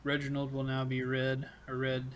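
A man narrating as game master in a casual, quick way with many fillers. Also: medium pitch, monotone, a little hiss or hum.

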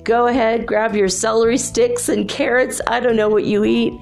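Slow-talking giggly woman podcaster. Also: a little high, steady tone, gravelly, darkish tone, faint music behind. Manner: giggly, laughs often between phrases; chatty, addresses listeners directly. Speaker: podcast host. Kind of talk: casual solo podcast monologue.

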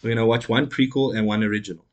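A man's voice: lowish voice, steady tone, rapid-fire. A man hosting a podcast in casual chat, emphatic and blunt, who swears and laughs often. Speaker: podcast host.

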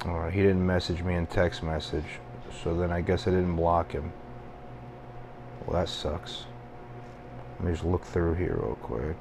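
A man's voice: deep voice, measured pace, creaky, long pauses, noisy background. A young man hosting a solo podcast, rambling and venting casually with frequent swearing and self-deprecating asides. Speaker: podcast host.

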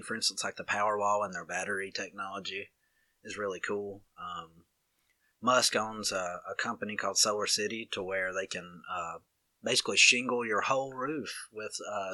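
A man's voice: lowish voice, bright, forceful tone. A man with a Southern US accent, chatting casually and acting out both sides of a story. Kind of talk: casual chat.

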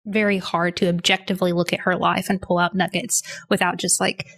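A woman's voice: fairly low pitch, level tone, brisk, gravelly, a bit bright, no room sound, clean studio sound. A young adult woman with a Southern US accent, co-hosting a podcast in chatty, enthusiastic casual conversation. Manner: chatty, enthusiastic, laughs easily. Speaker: podcast co-host.

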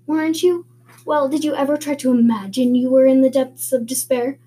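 Woman reading eager orphan girl, dreamy, earnest, wordy, mellow husky voice, fairly high. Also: fairly even intonation, moderate pace. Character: eager talkative orphan girl, about eleven.

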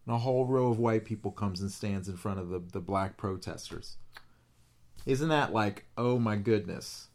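A low-pitched man with a gravelly, creaky voice co-hosts a podcast in casual conversation. He speaks earnestly and with feeling, and his voice rises sharply when something moves him. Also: normal speed, darkish tone. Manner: emotional, earnest, voice rising when moved. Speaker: podcast co-host.

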